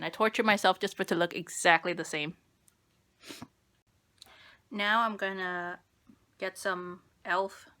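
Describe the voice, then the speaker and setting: A young woman with a bright, clear tone talks her way through a makeup tutorial. She rambles and pokes fun at herself as she applies each product. Her speech is casual and unscripted. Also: lowish voice, a little hiss or hum. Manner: rambling self-deprecating, talks while applying makeup. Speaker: beauty vlogger.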